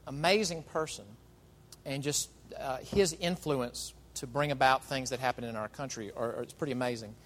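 A man preaching a sermon as pastor, emphatic, with rhetorical questions and dramatic pauses. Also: fairly high pitch, big-room sound.

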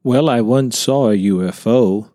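A man's voice: mid-range voice, measured pace, dark tone, dry recording, studio quality, natural voice. A man voicing an earnest young contractor who tells his story hesitantly in a storybook reading. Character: earnest younger male contractor, unsettled by a sighting.

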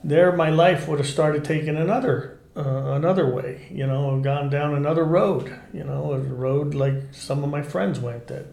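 Animated storytelling ex-cop, echoey room. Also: male voice, a little high, normal speed, gravelly, few pauses. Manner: animated, profane, acts out quotes. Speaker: former undercover cop. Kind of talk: casual storytelling interview.

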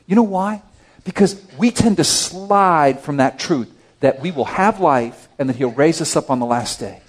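A male pastor preaching a sermon, moving between loud, emphatic declarations and hushed, low asides. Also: animated, moderate pace.

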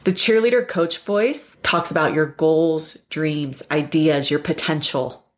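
A woman's voice: low voice, a little slow. A woman hosting a self-help podcast in an earnest monologue full of repeated rhetorical questions. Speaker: podcast host.

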